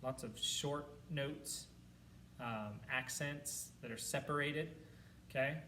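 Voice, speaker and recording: Band teacher counting rhythms aloud. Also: male voice, medium pitch, slow, bright, forceful tone, far from the mic, slight background noise, poor audio. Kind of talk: music lesson for students. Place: classroom.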